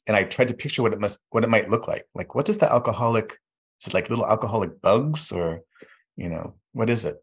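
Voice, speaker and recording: A man telling his life story reflectively, halting often with fillers. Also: on the low side, husky. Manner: reflective, halting with fillers, acts out quoted voices. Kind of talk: personal storytelling.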